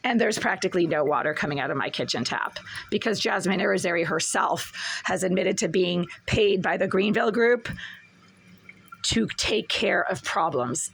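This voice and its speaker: A hoarse woman with a raspy, cracking voice, insistently complaining in a self-filmed video from her small apartment. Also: on the low side, slight background noise. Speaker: tenant filming a complaint video. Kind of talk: agitated self-filmed vlog. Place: small apartment, near a window.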